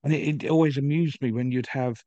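A man's voice: mid-range voice, steady tone, a little fast, mellow, no echo, lo-fi sound. A man hosting a podcast, chatting casually and telling stories with emphasis. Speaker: podcast host.

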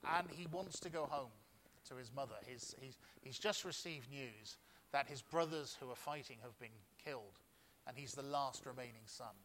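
A man's voice: mid-range voice, a bit bright, a little hiss or hum. A male pastor delivering a sermon in church, telling a story with frequent restarts before reading scripture.

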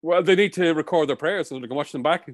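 A man's voice: fairly high pitch, quick pace. A young Irish man co-hosting a podcast in casual, jokey chat, laughing often and swearing freely. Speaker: podcast co-host.

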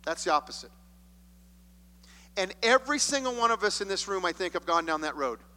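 A man delivers a sermon in a high, bright voice, reading scripture and acting out the people he quotes. His voice rings out with a long reverb from the hall around him. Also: animated, a little fast. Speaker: pastor. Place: church sanctuary.

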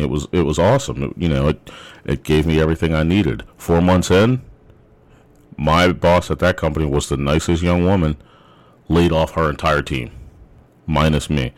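Very deep-voiced man telling a story. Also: dry recording. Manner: rambling, frequent restarts. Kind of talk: casual storytelling monologue.

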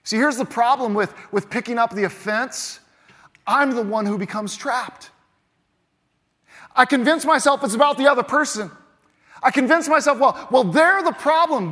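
A higher-pitched man preaches from the pulpit, leaning hard into key words and then dropping to a hush. His voice rings out through the long reverb of a large church hall. Each point lands with insistent emphasis. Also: slightly rough. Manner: emphatic, swings between loud punches and quiet drops. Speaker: pastor. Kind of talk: sermon.

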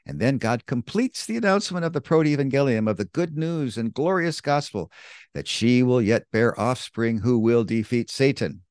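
A man teaching a Bible lesson in a deliberate, emphatic way, stressing key words. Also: medium pitch, expressive, a little mellow, dry recording, studio quality.

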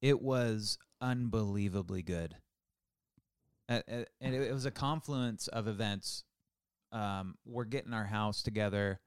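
Low, smooth-voiced man telling a story. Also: measured pace, no echo, clean studio sound. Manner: rambling, storytelling with fillers and restarts. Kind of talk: casual chat.

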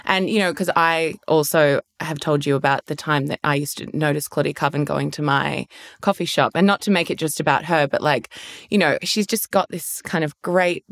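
A woman's voice: sits low, fairly even intonation, moderate pace, vocal fry, dry recording, studio quality. A woman hosting a podcast conversation, asking questions in a casual, encouraging, chatty way. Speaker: podcast host.

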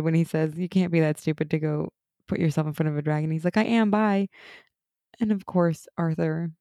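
A young woman co-hosting a casual TV recap chat, animated and laughing as she acts out lines from the show. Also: on the low side, vocal fry, dry recording, studio quality. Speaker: podcast co-host.

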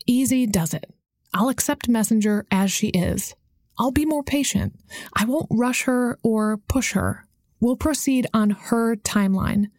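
This is scripted audiobook narration by a woman who tells the story in an even, unhurried way. She has a medium-pitched voice, recorded at studio quality with no echo.

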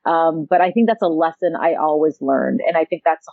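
A woman answers interview questions with a lively storytelling manner, acting out the people she quotes. Her voice sits on the lower side. The recording is dry and a little dull, with no room echo. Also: normal speed, creaky. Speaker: TV host and interviewee.

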